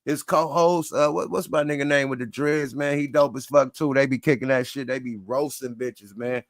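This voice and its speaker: A man hosts a livestream in loose, profane banter, laughing between lines. His voice is rough and gravelly, sitting in a middle register. The sound is dry and close. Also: mid-range voice, steady tone, moderate pace, dry recording. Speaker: livestream show host. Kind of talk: casual livestream chat.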